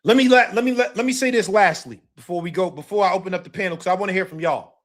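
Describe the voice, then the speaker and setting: Male host, high voice, emphatic and repetitive, casual boxing chat. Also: quick pace, fairly bright tone. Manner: emphatic, repeats himself, slangy. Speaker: boxing talk show host. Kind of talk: casual livestream boxing commentary.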